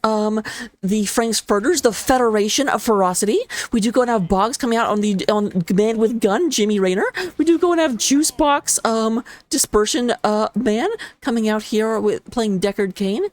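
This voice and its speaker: A woman casting a live esports match, talking rapidly and excitably with a playful, jokey manner. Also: fairly high pitch, no echo. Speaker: esports caster. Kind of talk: live game commentary on a stream.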